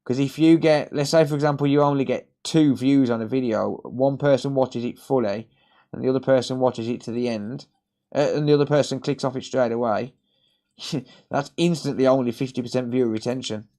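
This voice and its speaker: A man's voice: medium pitch, brisk, dark tone. A British man hosting a live repair stream, rambling in casual chat, swearing and laughing a lot.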